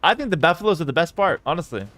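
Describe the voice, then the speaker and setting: Racing through his words in a dry recording, a man provides live streamed commentary on a strategy esports match. He reads chat aloud and shifts from loud excitement to quiet, calm play calls.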